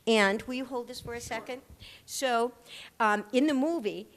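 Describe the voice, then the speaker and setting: An older woman, an actress, telling lively anecdotes as the guest in a live stage interview, acting out the people she quotes. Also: on the high side, moderate pace, in a large hall. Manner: animated anecdote-teller who acts out the people she quotes. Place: large hall at a live audience event.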